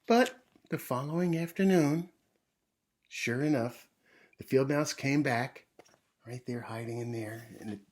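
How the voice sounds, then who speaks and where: With a medium-pitched voice, a man gently reads a picture book to children, pausing at points to explain things to them.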